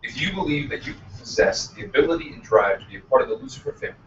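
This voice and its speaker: An actor at a table read voicing a slick corporate leader giving a smooth sales pitch. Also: male voice, huge pitch swings, very fast, slight background noise. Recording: distant roomy lo-fi recording.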